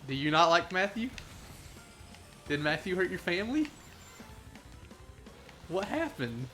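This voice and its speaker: A young man commentating his own racing gameplay live, playful and jokey, getting excitable as he races. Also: sits high, a little slow, faint music behind. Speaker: gaming streamer.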